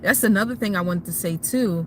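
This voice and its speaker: A woman speaks casually into her phone from a parked car, chatting with her live viewers about motherhood. Her talk is warm and openly emotional. Traffic noise and street ambience are clearly heard around her. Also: mid-range voice, fairly quick, low-quality recording. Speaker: mom livestreaming advice to viewers.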